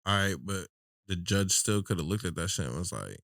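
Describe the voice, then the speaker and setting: A man co-hosting a podcast, low-key and chuckling, who draws out his punchlines. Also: lively intonation, brisk, creaky, a bit bright, no room sound, studio quality. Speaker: podcast co-host. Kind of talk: casual chat.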